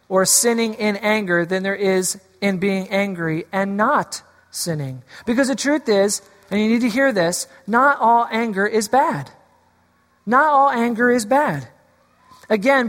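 A man's voice: high-pitched, fairly bright tone. A man preaching a sermon as a pastor, playful and teasing at first, then earnest. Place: church sanctuary. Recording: long hall reverb.

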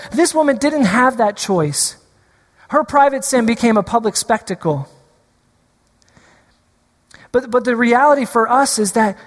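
Preacher echoing through a reverberant hall. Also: medium pitch. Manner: repeats key lines for emphasis and engages the congregation. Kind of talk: sermon.

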